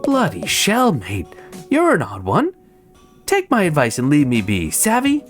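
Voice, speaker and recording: A game streamer voicing a prickly, lonely sea urchin in a video game, speaking in a gruff, slangy, brusque way. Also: mid-range voice, huge pitch swings, unhurried, faint music behind.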